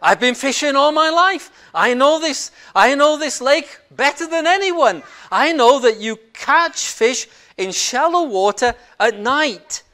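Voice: high-pitched, lively intonation, measured pace, few pauses, voice pushed up, full character voice. A preacher voicing a proud, exasperated fisherman grumbling that he knows the lake better than anyone. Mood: indignant. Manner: loud indignant inner grumbling.

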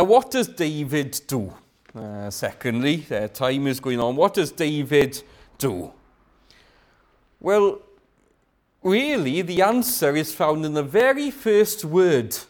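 Male preacher, sermon, high voice, slow measured delivery, rhetorical questions, hushed emphatic moments. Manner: repeats phrases for emphasis.

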